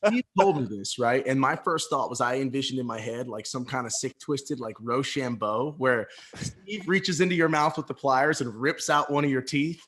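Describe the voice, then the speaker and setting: A man's voice: medium pitch, moderate pace, a bit bright. A man guesting on a podcast, teasing the hosts in a playful, casual way. His voice sits mid-range. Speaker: podcast guest, race broadcaster.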